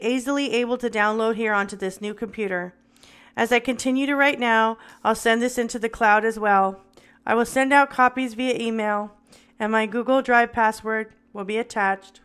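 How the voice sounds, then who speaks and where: Smooth higher-voiced woman reading a memoir. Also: a bit bright. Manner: dramatic first-person reading with occasional stumbles. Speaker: reader.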